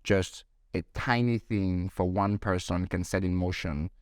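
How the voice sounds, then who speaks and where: Low-voiced reflective male host. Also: fairly even intonation, unhurried, clean tone, no echo, clean studio sound. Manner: thoughtful, searching for words. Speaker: interview host. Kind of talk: reflective interview talk.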